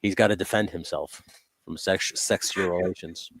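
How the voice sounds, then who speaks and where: A man's voice: sits low, steady tone, normal speed, fairly bright tone. Joking male live-stream host. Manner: joking, laughs often. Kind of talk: casual live-stream chat.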